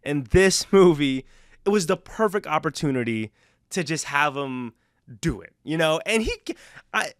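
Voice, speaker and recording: Chatty young man, fairly high voice. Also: lively intonation, normal speed, no room sound, studio quality. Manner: rambling, enthusiastic, lots of fillers and restarts. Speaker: movie reviewer. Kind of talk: casual spoiler review.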